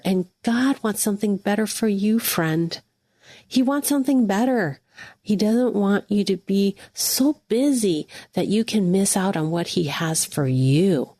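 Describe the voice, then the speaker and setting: Woman hosting a faith podcast, earnest and encouraging, talks right to you, mid pitch voice. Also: mellow, no room sound, clean studio sound. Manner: earnest, encouraging, speaks directly to the listener. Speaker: podcast host. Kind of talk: devotional podcast talk.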